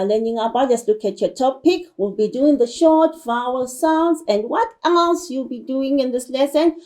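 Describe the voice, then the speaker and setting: A woman from South Africa teaches a broadcast lesson for young children. Her voice sits somewhat high and she speaks slowly, repeating words and nudging the class on with "okay" and "all right". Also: dark tone. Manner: slow, repetitive, coaxing delivery with frequent "all right" and "okay".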